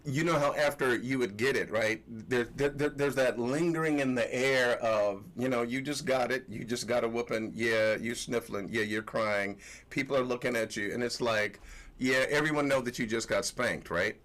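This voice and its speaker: A man's voice: medium pitch, moderate pace, a bit bright. A man hosting a livestream religious lesson, talking in a colloquial way, telling stories and repeating his phrases. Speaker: host and religious teacher. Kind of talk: livestream scripture teaching.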